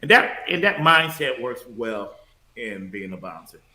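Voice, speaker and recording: Bright-voiced man in an echoey room. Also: mid-range voice, unhurried. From Detroit, USA. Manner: relaxed, storytelling, laughs easily. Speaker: podcast guest, former bouncer. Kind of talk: casual chat.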